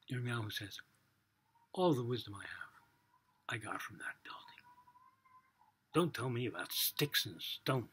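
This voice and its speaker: A man telling a religious story for children in a casual, animated way, acting out the dialogue and swinging between loud and soft. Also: mid-range voice, a little hiss or hum.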